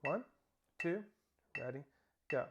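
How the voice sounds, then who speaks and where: A man's voice: fairly high pitch, expressive, slow, music in the background. Man counting off snare drum drills. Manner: counts aloud and calls out stickings and cues. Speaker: percussion instructor. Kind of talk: snare drum lesson instruction. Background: snare drumming.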